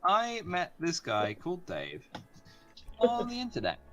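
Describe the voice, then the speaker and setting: A man hosts a relaxed group voice call and tells an anecdote in a hesitant, meandering way. His intonation swings widely, and soft music plays underneath. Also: high voice, lo-fi sound. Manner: rambling storyteller, hesitant, halting. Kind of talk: casual group chat on a voice call.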